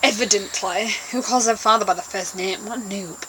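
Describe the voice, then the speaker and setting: A woman's voice: medium pitch, a little fast, a bit bright, slight background noise, rough recording. A woman chatting casually to camera as a vlogger, bossy and talkative toward her brother.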